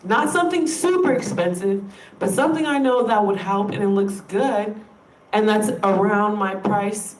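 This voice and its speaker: A woman's voice: mid-range voice, slight background noise. A woman vlogger speaking straight to her viewers in an emphatic, frustrated rant, swearing freely as she makes her point. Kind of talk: direct-to-camera rant. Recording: roomy sound, distant from the mic.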